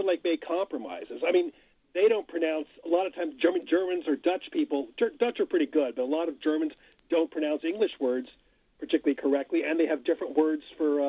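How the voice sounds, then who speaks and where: Brief: husky, slightly high male guest, hesitant, thin phone-like dry sound. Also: no room sound. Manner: hesitant, thinking aloud. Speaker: studio guest. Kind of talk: casual radio chat.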